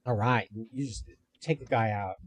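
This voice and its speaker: A man acting as game master, narrating a tabletop game and making brisk, matter-of-fact calls on each player in turn. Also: fairly low pitch, fairly even intonation, no room sound.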